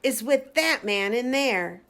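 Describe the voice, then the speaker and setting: Storybook serving girl, young and pestering, high and pointed, read by a woman. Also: expressive, takes it slowly, exaggerated voice. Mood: accusing. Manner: sharp, pointed accusations. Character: pestering young serving maid, nosy and accusing.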